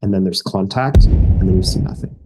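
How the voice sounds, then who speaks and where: Low-voiced man narrating a tabletop game. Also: fairly quick, over music, rough recording. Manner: energetic storytelling with fillers. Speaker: game master.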